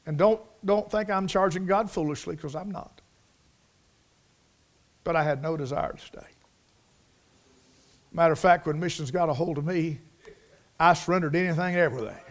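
High-voiced folksy country preacher man. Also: normal speed, long pauses. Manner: folksy, emotional, repeats words for emphasis; swings from hushed to loud and fervent. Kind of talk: sermon.

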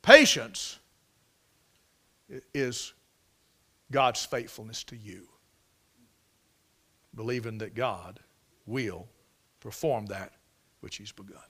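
A man preaching a sermon, telling the story dramatically and swinging from loud exclamations to near whispers. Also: on the low side, slow pace, long pauses, husky.

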